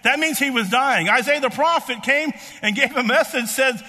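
Male preacher, very high and bright tone, halting delivery, long hall reverb. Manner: halting, repeats words, many fillers. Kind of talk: sermon.

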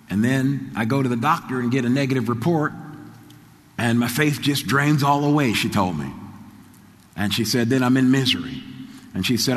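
A man's voice: medium pitch, in a large hall. A man preaching a sermon, telling a story with many repeats and stammers. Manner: repeats phrases, stammers, builds to excited shouting. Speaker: pastor.

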